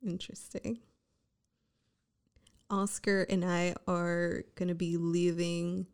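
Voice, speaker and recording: A woman's voice: on the low side, level tone, slow, a little mellow, smooth. A young woman co-hosting a casual chat, blunt and playful, often laughing. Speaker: podcast co-host.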